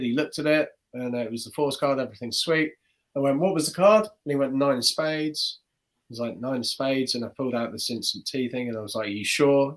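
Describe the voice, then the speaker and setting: A man, a guest magician telling a story in casual podcast chat, acting out the voices of the people in it. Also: medium pitch. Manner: animated, acts out the voices of people in his stories.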